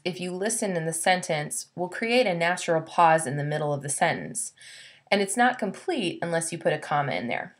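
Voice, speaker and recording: A woman teacher narrating a classroom lesson, explaining slowly and clearly and reading example sentences aloud. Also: on the low side.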